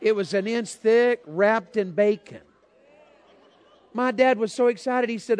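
A man's voice: high voice, steady tone, unhurried, clear, resonant tone, no room sound. A man preaching a sermon, telling folksy stories and calling out to the congregation. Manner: folksy storytelling, calls out to congregation. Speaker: pastor.

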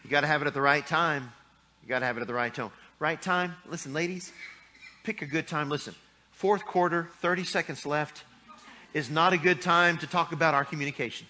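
A man's voice: fairly high pitch, a little fast, bright, forceful tone, slight background noise. A middle-aged man preaching a sermon in a folksy, joking way, acting out little scenes from married life. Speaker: pastor.

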